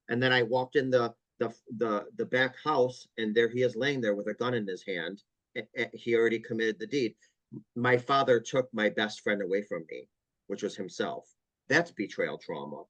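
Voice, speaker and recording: A man's voice: on the low side, moderate pace, fairly bright tone, no room sound, muffled recording. Earnest man in a dry recording. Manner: earnest, vivid storytelling with repeated emphasis. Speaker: trauma counselor guest. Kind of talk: interview podcast conversation.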